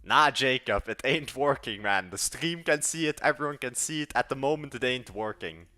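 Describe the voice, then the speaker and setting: This Belgian live-streamer, eighteen and Dutch-accented, talks at a moderate pace in a medium-pitched voice that's bright, forceful and animated, with faint music in the background. He codes while rambling in slang to his chat, muttering to himself along the way.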